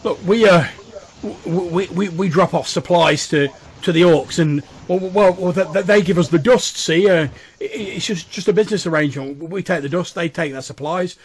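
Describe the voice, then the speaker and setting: A man doing a terrified young smuggler in a tabletop game, stammering over every word as he begs for his life. The voice sits raised and loud, with a gravelly edge and a husky, rough tone. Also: fairly high pitch, fairly even intonation, voice pushed up. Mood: panicky. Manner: stammering, pleading, rushed. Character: nervous stammering male human drug runner.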